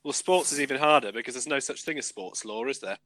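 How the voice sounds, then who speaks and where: A man's voice: medium pitch, quick pace, fairly bright tone, a little hiss or hum, low-quality recording. A man co-hosting a podcast, teasing his friends and explaining the law he researched with dry certainty. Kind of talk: casual banter.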